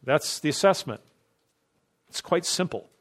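A man's voice: fairly high pitch, expressive, a little slow, a bit bright. A man preaching an expository sermon, driving his points home with emphatic strings of rhetorical questions. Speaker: pastor.

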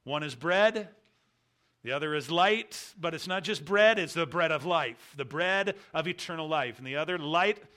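Male preacher, sermon, bright tone, somewhat high pitch, emphatic bursts, quiet trailing phrase ends. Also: moderate pace. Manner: emphatic, stresses key words with bursts of volume. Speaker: pastor.

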